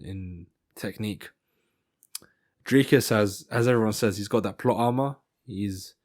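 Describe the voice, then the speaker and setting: A man's voice: fairly low pitch, a little mellow. A man giving casual fight commentary in a rambling style, often stopping to correct himself. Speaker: MMA commentator.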